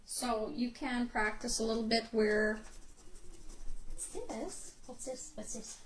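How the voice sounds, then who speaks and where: A woman dog trainer explaining steps in a calm, patient way, recorded indoors at home. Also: a little high, a little hiss or hum, rough recording. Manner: calm, patient, slow-spoken, praises the dog softly. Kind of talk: instructional video narration.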